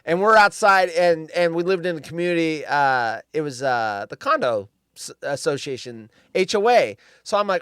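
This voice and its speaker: A man with a high, smooth, resonant voice, recorded close and dry. He talks bluntly in casual chat, swears freely and raises his voice when he quotes himself. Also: expressive, moderate pace, no echo. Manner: blunt and profane, loud when quoting himself. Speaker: podcast co-host.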